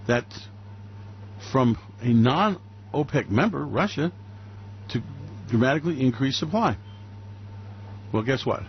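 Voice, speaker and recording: A man giving animated radio market commentary, telling it as a story and acting out quoted voices. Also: mid-range voice, muffled recording, slight background noise.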